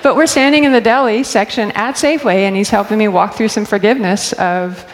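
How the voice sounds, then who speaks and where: Speaking briskly in a mid-range voice with fairly even intonation, a middle-aged woman from the church staff tells personal stories. She's frank and talkative and laughs a lot, and her words ring out with long hall reverb.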